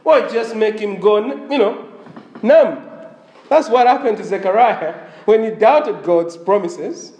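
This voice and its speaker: Male pastor, high animated delivery, voice a bit strained, echoey church sound. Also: slow pace. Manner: animated preaching, asks the congregation questions. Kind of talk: sermon.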